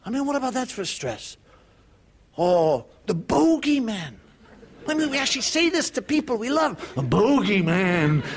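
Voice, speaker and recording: A man's voice: very high-pitched, big pitch swings, normal speed, a little hiss or hum. Wry Irish man telling stage stories. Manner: wry storytelling, putting on voices of parents. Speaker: stand-up comedian. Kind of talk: stand-up comedy monologue.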